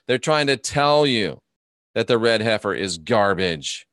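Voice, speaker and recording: A man's voice: mid-range voice, animated, normal speed, fairly bright tone, no echo, studio quality. A man hosting a live stream, ranting and mocking his opponents while reading viewer comments aloud. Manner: mocking, combative, reads chat comments aloud.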